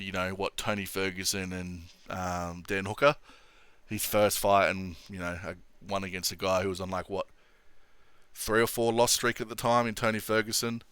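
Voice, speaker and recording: Blunt, sweary guy, crisp voice. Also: lowish voice, pushed and bright, no room sound. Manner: blunt, sweary, laughs often. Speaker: MMA commentary channel host. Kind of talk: casual opinion vlog.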